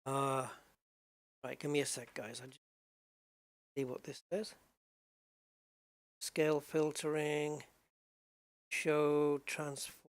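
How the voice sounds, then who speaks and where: A man's voice: a little high, flat delivery, slow, pauses often, clean tone. A man giving live commentary while driving a racing sim, exclaiming often as he wrestles a heavy wheel. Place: home sim rig. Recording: loud racing game engine noise behind.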